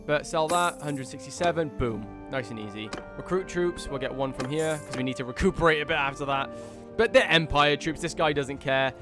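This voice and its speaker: A man giving casual let's-play commentary as he plays, rambling with lots of fillers and breaking into excitement. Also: on the high side, fairly quick, hardly any pauses, music in the background. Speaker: gaming video host.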